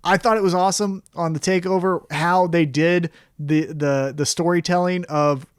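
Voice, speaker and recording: A man's voice: high voice, normal speed, smooth, dry recording, studio quality. A man co-hosting a casual wrestling review podcast, swearing freely and acting out quotes in a raised voice. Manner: profane, animated, acts out quotes in raised voice. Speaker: podcast co-host.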